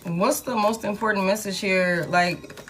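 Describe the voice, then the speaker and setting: A woman's voice: mid-range voice, steady tone, measured pace. A woman, chatting casually to her viewers as she reads tarot cards aloud in a live stream. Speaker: tarot reader.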